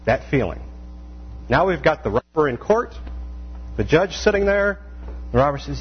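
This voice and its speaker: A man preaching a conversational sermon, animated, full of rhetorical questions and acted-out quotes. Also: fairly high pitch, moderate pace. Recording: dull lo-fi sound with faint mains hum.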